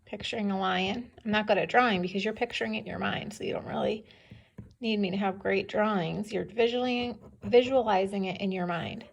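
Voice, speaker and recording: A woman's voice: medium pitch, fairly quick, vocal fry, breathy edge. A woman teacher reading a story aloud to young children, patiently stopping to ask them questions. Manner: patient, questioning, checks understanding. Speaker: second-grade teacher.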